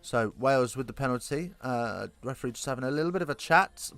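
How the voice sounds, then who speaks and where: Guy calling rugby live, smooth fairly high voice, chatty and correcting himself, dry close mic. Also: quick pace, no echo, faint music behind. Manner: chatty, self-correcting, rises to excited bursts on tries. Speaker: rugby commentator. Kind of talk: live alternative play-by-play commentary.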